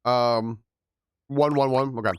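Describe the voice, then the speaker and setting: A man's voice: mid-range voice, fairly even intonation, unhurried, clean tone, no echo. A young man streaming a game, chatting casually, laughing and greeting his chat.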